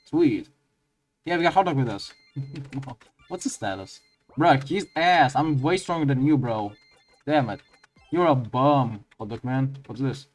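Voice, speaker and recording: A man giving crude, swear-heavy commentary while playing a game, often breaking into high laughing outbursts. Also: animated, measured pace, a little mellow, faint music behind. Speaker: let's play gamer.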